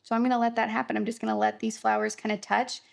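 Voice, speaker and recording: A woman's voice: fairly high pitch, level tone, fast talker, creaky. A young adult woman teaching a casual watercolor painting tutorial, chatty and reassuring. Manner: chatty, upbeat, reassuring, lots of fillers like "kinda".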